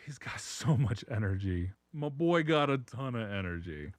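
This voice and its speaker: A man's voice: mid-range voice, very animated, moderate pace, no echo. A man streaming and telling a rambling dog story, laughing often and swearing freely. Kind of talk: casual chat.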